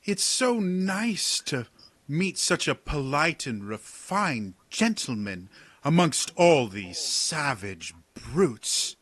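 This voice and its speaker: A man's voice: fairly low pitch, bright, forceful tone, no room sound, full character voice. A man doing a haughty elf queen. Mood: sarcastic. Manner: formal, measured, coolly polite. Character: poised female wood elf leader, haughty.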